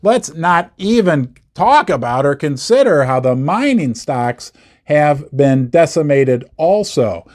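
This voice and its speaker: This investment video host, a man with a fairly high, darkish voice, is very animated yet slow-paced. Addressing the camera from a script, he covers the metals markets with emphatic delivery, word repetition for effect, and sarcastic asides.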